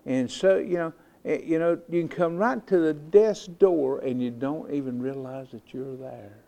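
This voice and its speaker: An older man, preaching in a folksy storytelling way that swells into loud, emphatic declarations. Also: on the high side, unhurried, creaky. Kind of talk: sermon.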